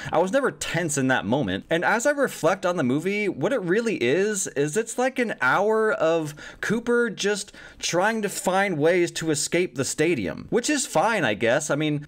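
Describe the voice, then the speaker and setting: A man giving a casual spoken movie review, animated and swearing freely, with lots of fillers. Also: on the high side.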